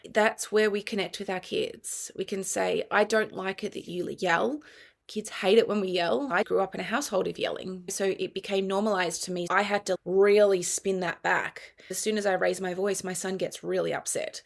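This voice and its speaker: Gravelly-voiced Australian woman counselor. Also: medium pitch, fairly even intonation, moderate pace. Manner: earnest, explanatory, with quoted dialogue. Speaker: guest, family and child counselor. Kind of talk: conversational interview.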